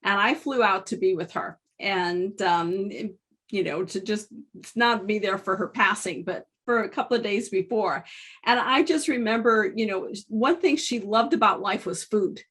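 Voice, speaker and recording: A woman's voice: mid-range voice, moderate pace, fairly bright tone, husky. A woman hosting an interview, talking earnestly about life and letting go in a casual, conversational way. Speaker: host.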